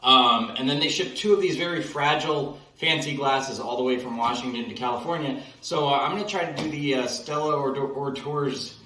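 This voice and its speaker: A man's voice: medium pitch, moderate pace, few pauses, bright, forceful tone. A man hosting a sponsored bit on video, talking hesitantly with many ums and uhs. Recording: echoey room, far from mic.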